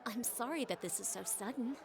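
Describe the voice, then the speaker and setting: A woman's voice: a little high, brisk, gravelly, slightly rough, exaggerated voice. A woman voicing a polite, reserved teenage schoolgirl in a video game. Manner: polite and soft-spoken.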